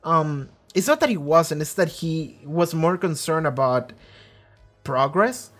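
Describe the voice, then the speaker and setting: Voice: medium pitch, expressive, slow pace, fairly bright tone, soft background music. A reaction channel host in a casual episode discussion, rambling with lots of filler, swearing freely, and briefly acting out characters' lines.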